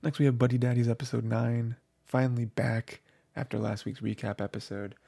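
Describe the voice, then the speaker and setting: A man's voice: medium pitch, flat delivery, fairly quick, gravelly, dark tone, dry recording. A man giving a casual, rambling review of anime episodes, full of fillers and restarts.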